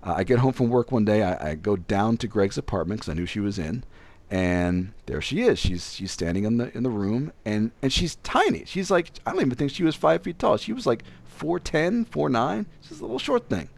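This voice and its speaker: A man's voice: mid-range voice, brisk, creaky. A young man telling a casual story, acting out other people's lines as he goes. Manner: animated, acts out other people's voices.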